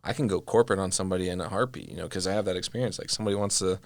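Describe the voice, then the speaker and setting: A young man with a very low, gravelly voice tells stories as a podcast guest. He keeps it casual and animated, filling his sentences with "like". The recording is dry and close, with no room around him. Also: rapid-fire, no room sound. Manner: animated storyteller, heavy use of "like". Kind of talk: casual conversation.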